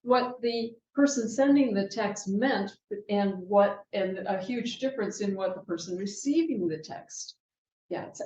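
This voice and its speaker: A woman minister giving a sermon in a chatty, lively way, laughing often and checking in with her listeners. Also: medium pitch. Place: church sanctuary. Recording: dull, roomy sanctuary sound.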